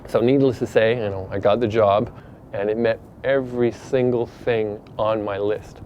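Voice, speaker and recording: A man's voice: lowish voice, steady tone, normal speed, mellow, a little hiss or hum. Man telling a personal story, lo-fi. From Canada. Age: middle-aged.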